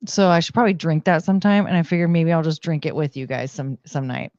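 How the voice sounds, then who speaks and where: A woman's voice: low-pitched, fairly even intonation, fast, a little mellow, no echo. Rambling woman streamer, dull dry sound. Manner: rambling, heavy use of "like" and "um". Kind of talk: casual stream chat. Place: at home. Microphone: desk microphone.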